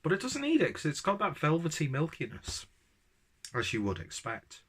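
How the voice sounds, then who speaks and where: A man's voice: fairly high pitch, huge pitch swings, moderate pace, a bit bright, husky. A man giving a casual, enthusiastic beer tasting review, rambling with ums and joking at his own expense.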